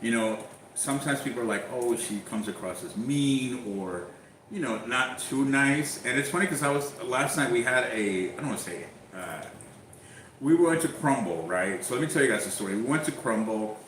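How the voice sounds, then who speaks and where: A man's voice: medium pitch, normal speed. A man chatting casually and telling a story, acting out the back-and-forth with a lot of energy. His voice sits in a middle register. The room is echoey, with a faint hum of ambience. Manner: animated storyteller, acts out exchanges. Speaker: YouTuber guest.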